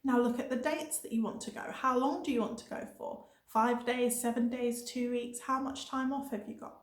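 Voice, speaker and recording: A young woman, a travel vlogger, gives budget tips in a bright, fairly high voice. She talks emphatically and motivationally, hammering her points home by repeating them. The room around her rings with a noticeable echo. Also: steady tone, normal speed. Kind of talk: energetic budget travel advice. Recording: echoey room.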